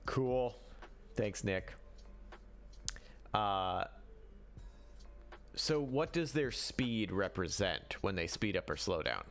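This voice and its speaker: Male stream host with a low voice; loose, chatty, self-correcting delivery. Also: animated, slow, long pauses, a bit bright, faint music behind. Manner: rambling, with frequent restarts and self-corrections; answers viewer chat as he goes. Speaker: livestream host. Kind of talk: casual livestream talk on running games.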